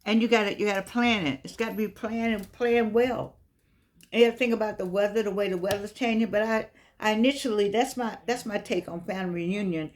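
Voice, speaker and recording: A woman's voice: mid-range voice, steady tone, fairly quick. A woman vlogging in a casual, meandering monologue that often circles back and repeats itself. Some of her words come out slightly slurred because of missing teeth. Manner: chatty, meandering, repeats herself.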